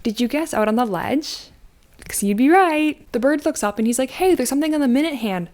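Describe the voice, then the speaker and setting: A woman in her thirties giving a casual, animated movie recap, sarcastic and full of slang. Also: fairly high pitch, fast talker. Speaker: YouTube commentator.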